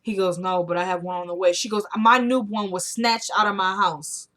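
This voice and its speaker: A woman's voice: mid-range voice, steady tone, moderate pace, fairly bright tone. Woman chatting through a tv episode recap, acts out the lines, blunt opinions, pretty casual. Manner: retells scenes in quoted dialogue, chatty and opinionated.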